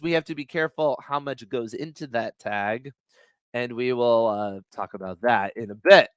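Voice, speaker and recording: A man's voice: medium pitch, a bit bright, clean tone, no room sound. A man explaining dialogue writing in a loose, conversational way, with many fillers and restarts, and he chuckles often. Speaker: writing instructor. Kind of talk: casual teaching talk.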